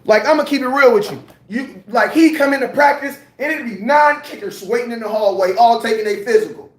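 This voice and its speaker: A man ranting casually about football, slangy and animated, repeating his points. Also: very high voice, fairly quick, roomy sound. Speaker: sports commentator. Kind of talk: casual sports rant.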